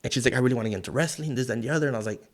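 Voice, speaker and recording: A middle-aged man from South Texas sits as a guest and tells his stories loosely. He swears freely, shifts into the voices of the people he quotes, and keeps his everyday voice at a medium pitch. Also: very fast. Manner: profane, animated, acts out quoted voices. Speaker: wrestler and guest. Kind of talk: casual storytelling interview.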